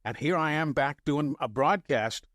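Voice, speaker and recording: An older sports broadcaster from the New York area tells animated anecdotes casually on a podcast, often chuckling and quoting himself. His voice sits somewhat high for a man and moves a little slowly, captured in a dry, close recording.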